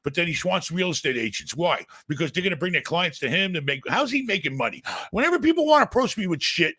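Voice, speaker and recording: Older guy, brash profane podcast host, rough gravelly edge, bright tone. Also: high voice, big pitch swings, fast talker, few pauses. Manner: brash, profane, mocking, shouts often. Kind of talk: blunt casual chat.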